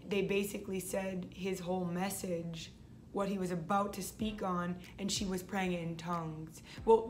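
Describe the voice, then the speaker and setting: A young woman hosting her faith vlog, talking casually and eagerly, often restarting her phrases. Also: medium pitch. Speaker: vlog host.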